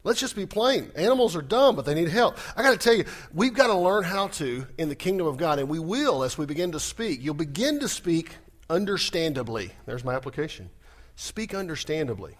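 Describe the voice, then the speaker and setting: A man preaching a sermon, animated and humorous, talking fast. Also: fairly high pitch. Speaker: pastor.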